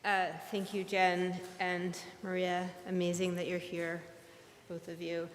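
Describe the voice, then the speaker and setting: A woman's voice: on the low side, completely flat delivery, slight background noise. Emotional woman editor, echoey hall. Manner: emotional, halting, many fillers. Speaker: editor introducing a reader. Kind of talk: event introduction. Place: event venue with an audience. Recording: echoey hall with faint ambience.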